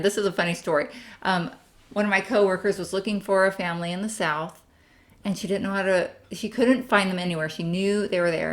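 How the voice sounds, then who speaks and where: A woman's voice: on the low side, a bit bright. A young adult woman giving a chatty, friendly screen-share tutorial as a family history instructor, with frequent ums.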